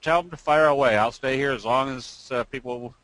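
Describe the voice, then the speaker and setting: An easygoing man explains trading charts in an unhurried way, pausing often as he goes. His voice has a middling pitch, and it is recorded dry, with no room echo. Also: fairly bright tone. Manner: easygoing, frequent "uh" pauses. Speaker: guest trading educator. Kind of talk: casual explanation and joke telling.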